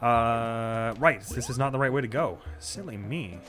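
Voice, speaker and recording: Bright-voiced chatty male game streamer. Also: medium pitch, unhurried, faint music behind. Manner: chatty, giggly, self-deprecating. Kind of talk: casual gameplay commentary.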